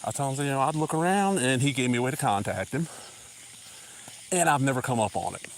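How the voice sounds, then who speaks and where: On a low-quality recording with slight background noise, a vlogger with a Southern accent rambles animatedly while walking a country road for a live stream, crickets and insects audible around him. He speaks fairly quickly in a mid-range voice, slightly breathless, casual, and given to drawling asides.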